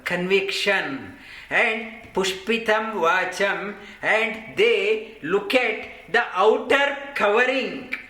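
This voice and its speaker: A man's voice: high voice, sharp tone. A man teaching a scripture class, explaining verses in an earnest, repetitive way. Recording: roomy echo.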